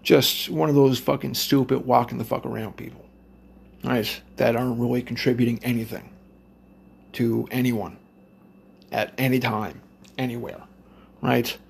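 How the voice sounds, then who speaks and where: A man's voice: mid-range voice, flat delivery, normal speed, creaky, long pauses, slightly rough. A man telling a rambling, profane story to his listeners in a loose, blunt way.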